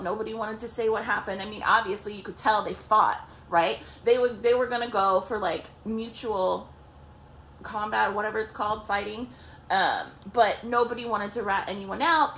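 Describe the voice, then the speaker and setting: A woman's voice: medium pitch, lively intonation, normal speed, fairly bright tone, slight background noise. A woman vlogger telling a story in a casual, profane way, laughing often and checking in with "okay?" and "like".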